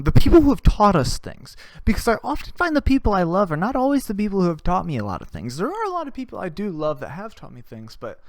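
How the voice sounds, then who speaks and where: A man's voice: a little high, no room sound, studio quality. A young adult man hosting a podcast. He tells stories in a loose, casual monologue, swears a lot and laughs at his own tales. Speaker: podcast host.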